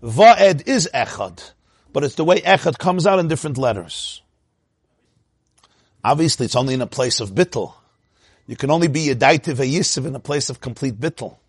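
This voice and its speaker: Husky guy teaching torah, voice jumps way up and down, dry close sound, slightly high. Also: normal speed, no room sound. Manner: animated, laughs often, swoops up into a high voice. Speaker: rabbi teaching a class.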